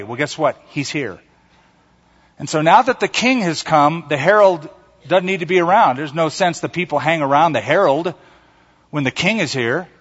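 A man preaching a sermon as pastor, acting out quoted voices and leading the congregation in repeating lines. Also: a little high. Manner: animated preaching, acts out quotes and calls for congregation response. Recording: dull sound with long hall reverb.

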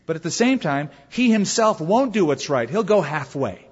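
A man's voice: a little high, sing-song, normal speed, husky. A man preaching a sermon, telling the story dramatically with rhetorical questions. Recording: dull reverberant hall recording.

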